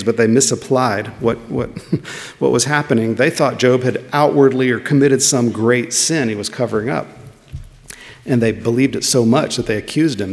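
A man's voice: mid-range voice, vocal fry. A man preaching a sermon in a conversational way, putting questions to his listeners. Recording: long reverb of a large hall.

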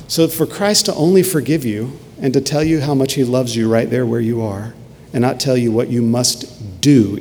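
A man's voice: medium pitch, creaky, dark tone. A male pastor preaching a sermon, earnest and emphatic, repeating key phrases for weight. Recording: long reverb with faint ambient noise.

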